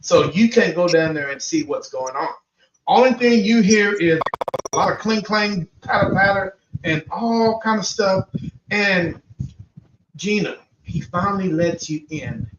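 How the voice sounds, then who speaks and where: Man, podcast host, high voice, animated storytelling, roomy distant muffled stream, background noise. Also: a little slow. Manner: animated, spins a hypothetical story, repeats guest's name. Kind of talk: casual storytelling to a guest.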